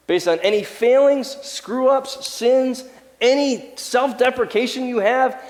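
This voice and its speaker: A man preaching a sermon as the pastor, lively and animated, sometimes acting out the voices of people in his story. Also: very high-pitched, a little slow, big-room sound. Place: church sanctuary.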